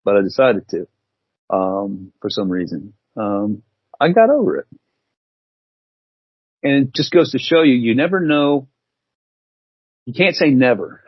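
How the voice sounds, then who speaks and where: A man's voice: mid-range voice, expressive, measured pace, pauses often, husky, no echo, highs cut off. A man telling an anecdote on a podcast as the guest, laughing at himself as he goes. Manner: self-deprecating, laughing storyteller. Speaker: guest writer and editor. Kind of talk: casual storytelling chat.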